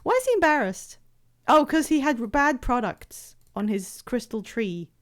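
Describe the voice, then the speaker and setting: A woman's voice: fairly high pitch, very animated, moderate pace. A woman streamer chatting casually while playing a game, rambling with many fillers and restarts.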